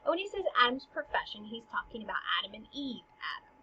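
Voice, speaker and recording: A woman's voice: fairly high pitch, sing-song, quick pace, sharp tone, highs cut off, slight background noise. A woman teaching a literature lesson, paraphrasing casually and dropping into whispered asides.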